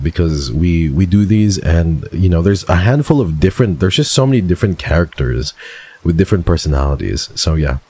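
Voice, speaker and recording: A man's voice: low voice, mellow, dry recording. A man streaming live, reacting in casual, exasperated commentary full of swearing.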